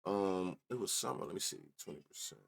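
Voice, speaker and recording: A man with a deep, creaky voice and a breathy edge talks briskly and with animation. Hosting a sports betting show, he runs through stats alone in casual chat, thinking aloud, reading off numbers and muttering to himself.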